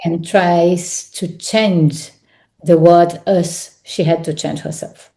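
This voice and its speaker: A woman's voice: lowish voice, fairly even intonation, slow, dark tone. A woman with an Italian accent, a guest on an interview podcast, speaking reflectively with hesitant, restarted phrases. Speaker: actress and guest.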